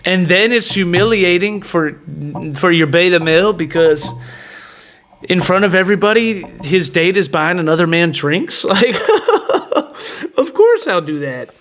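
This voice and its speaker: Young guy, high voice, cocky and mocking, rambling bar story, keeps laughing at himself. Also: lively intonation, unhurried, fairly bright tone, faint music behind. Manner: brash, mocking, laughs at his own story, repeats "like" and "you know what I mean". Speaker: podcast host. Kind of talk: boastful storytelling monologue.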